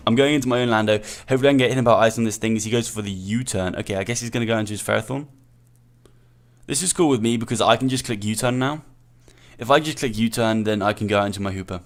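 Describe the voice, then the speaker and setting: A man talks through his own live match as he plays, weighing each move aloud. He repeats lines to himself and scolds himself sharply when a move goes wrong. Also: fairly low pitch. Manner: self-critical, thinking aloud, repeats himself. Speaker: gaming channel host. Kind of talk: live play-by-play commentary of a game.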